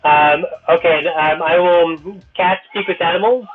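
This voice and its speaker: A man's voice: fairly high pitch, unhurried, over music. A man playing a tabletop game, talking hesitantly with many fillers. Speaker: player. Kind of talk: casual tabletop play. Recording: tinny phone-like line.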